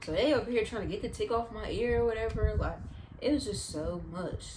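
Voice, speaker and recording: A young adult woman, a vlogger, telling casual, animated, slang-filled stories in storytime style. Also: medium pitch, a little fast, background noise. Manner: chatty, slangy, animated retelling.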